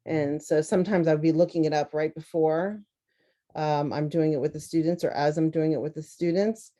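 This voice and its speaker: A woman's voice: low voice, fairly even intonation, dark tone. A woman teacher with a Southern US accent, casually demonstrating a lesson and sounding words out syllable by syllable. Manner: casual, thinking aloud, sounding words out slowly. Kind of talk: instructional demonstration.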